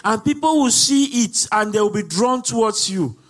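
A man, a deacon, preaching a sermon with emphatic, repetitive lines that build up to shouts. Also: sits high, lively intonation, normal speed.

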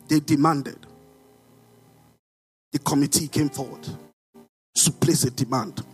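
Brief: Nigerian pastor, high voice, animated sermon with rhetorical questions and outbursts, faint music under. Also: male voice, slow, long pauses, breathy edge. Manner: animated preaching, rhetorical questions, sudden shouts.

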